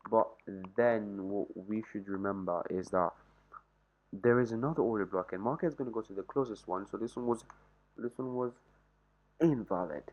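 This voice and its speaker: This young trading vlogger rambles over a chart in a casual walkthrough, voicing his thoughts in slang. The recording is muffled, and his fairly low voice keeps a moderate pace.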